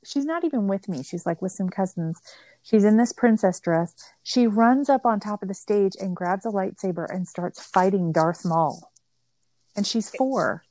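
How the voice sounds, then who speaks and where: A woman's voice: mid-range voice, moderate pace, a little mellow, no echo. A middle-aged woman, a mother and podcast guest, telling family stories in casual conversation, chatty and full of "like" fillers. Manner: chatty, storytelling with many "like" fillers.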